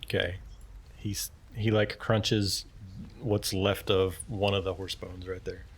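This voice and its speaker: A man acting as game master, calling rolls and rulings in a relaxed way. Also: low voice, slow pace, breathy edge. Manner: relaxed, talks numbers and rulings. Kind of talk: running a tabletop game.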